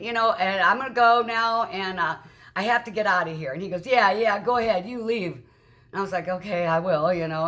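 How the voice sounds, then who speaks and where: A woman's voice: lowish voice, a bit bright. Shaken woman vlogger retelling an ordeal. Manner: shaken, halting, with many restarts; acts out quoted dialogue with raised voice. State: upset. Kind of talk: emotional personal storytelling.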